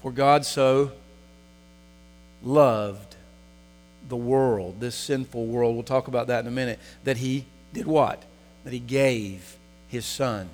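A man's voice: medium pitch, slow, long pauses, a little mellow. A man preaching a sermon in a church, asking the congregation rhetorical questions. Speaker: pastor. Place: church sanctuary. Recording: long hall reverb.

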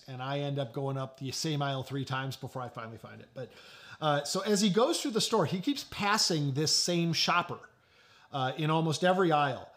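A middle-aged man preaching a sermon. He tells a story in a conversational way and often drops to a low, quiet voice. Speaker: pastor.

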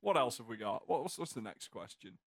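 A man's voice: medium pitch, very animated, a little fast, gravelly, background noise. A young man co-hosting a comedy podcast, moving the questions along and stumbling over repeated words. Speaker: podcast co-host. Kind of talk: casual comedic chat.

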